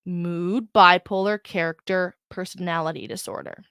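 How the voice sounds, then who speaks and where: A woman's voice: on the low side, steady tone, moderate pace, fairly bright tone, smooth, no room sound. A woman hosting her own podcast in a chatty, emphatic style, often breaking off and restarting her thoughts, speaking close to a podcast mic. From Ireland. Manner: chatty, emphatic, self-interrupting. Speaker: podcast host. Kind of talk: casual solo podcast talk with reading aloud.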